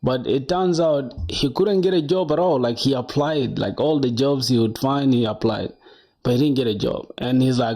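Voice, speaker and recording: A young man talks loosely to his livestream audience while he sets up to code. His voice is warm and dark rather than bright. He rambles, answers chat and drops a lot of "bro". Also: medium pitch, moderate pace. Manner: chatty, rambling, says bro a lot, reads chat aloud. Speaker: coding livestreamer.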